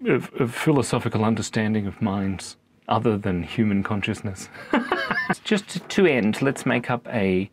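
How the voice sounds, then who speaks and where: A man's voice: mid-range voice, lively intonation, moderate pace, background noise. A man, rambling playfully in a monologue from a backyard cubby house and slipping into animal noises. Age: 30s. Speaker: vlogger.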